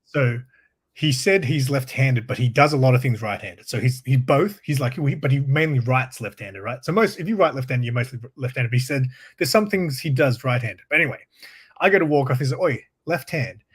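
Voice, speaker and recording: A man's voice: medium pitch, expressive, brisk, husky. A man with an Australian accent, chatting casually and telling stories, often laughing as he talks. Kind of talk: casual chat, storytelling.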